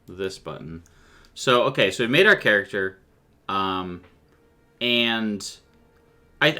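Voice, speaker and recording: A man with a fairly low but lively, bright voice, chatting casually as game master of a streamed tabletop game. He rambles, restarts his sentences and laughs easily.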